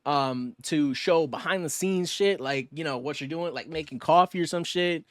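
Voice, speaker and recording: Homem jovem falante, tom um pouco agudo. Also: male voice, fairly high pitch, no room sound. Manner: fast, rambling, slangy and profane, with many fillers. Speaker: podcast co-host. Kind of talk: casual podcast chat.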